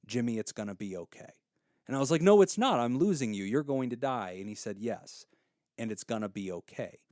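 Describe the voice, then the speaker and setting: A man's voice: mid-range voice, a little mellow. A man in his thirties speaks earnestly on a podcast, his voice sitting in the middle of the male range. The sound is dry and close, with no room echo, and he talks with heartfelt sincerity. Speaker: podcast host giving advice. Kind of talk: casual advice podcast.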